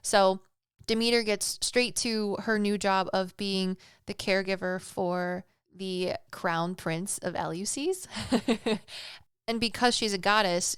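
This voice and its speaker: A woman's voice: mid-range voice, clear, resonant tone, no echo, clean studio sound. Chatty young woman retelling a myth. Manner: chatty, slangy, playful. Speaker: podcast host.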